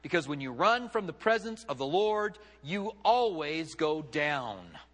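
A man's voice: a little high, sing-song, measured pace, a bit bright. A male pastor preaching a sermon, acting out quotes with big dramatic swings in his voice. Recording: long hall reverb.

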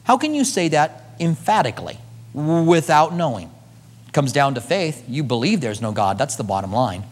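A man preaching a sermon, moving between loud emphasis and hushed asides, then leading a prayer. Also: fairly high pitch, very animated, normal speed, in a large hall. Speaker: pastor.

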